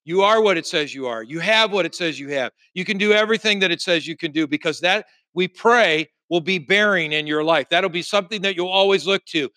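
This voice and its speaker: A man's voice: sits high, a little fast, few pauses, sharp tone, no room sound. A male pastor preaching a sermon, reading scripture aloud and building emphasis through repeated refrains.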